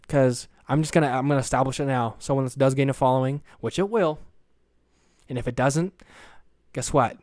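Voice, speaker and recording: A man's voice: mid-range voice, moderate pace, darkish tone, no echo, studio quality. A young man hosting his own podcast alone, rambling in a crude, jokey, self-deprecating way. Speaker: podcast host.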